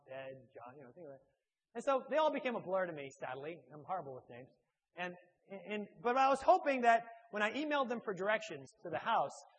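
A man, a church speaker and author, telling a humorous personal anecdote in a halting, self-deprecating way. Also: high-pitched, a bit bright.

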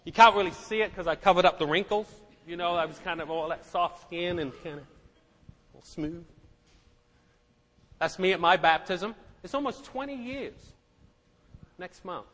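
A man's voice: high voice, expressive, normal speed, long pauses, fairly bright tone. A middle-aged man preaching a sermon, emphatic and given to repeating words and asking the congregation questions. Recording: echoey hall.

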